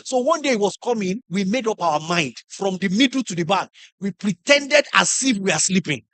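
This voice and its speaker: A middle-aged man with a Nigerian English accent giving a lively motivational talk to teachers, acting out classroom stories and putting questions to the audience. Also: high-pitched, moderate pace, dry recording. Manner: animated storyteller, acts out classroom scenes, asks the audience questions. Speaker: conference speaker.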